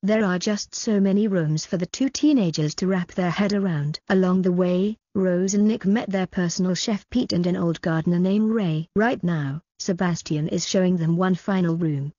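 Husky woman reading an audiobook. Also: on the low side, moderate pace, hardly any pauses, warm tone, no room sound, dull audio. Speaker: audiobook narrator. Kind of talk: audiobook narration.

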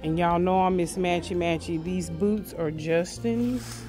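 A woman's voice: on the low side, fairly even intonation, unhurried. A woman chatting playfully and directly to her viewers in a casual vlog. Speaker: vlogger. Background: music.

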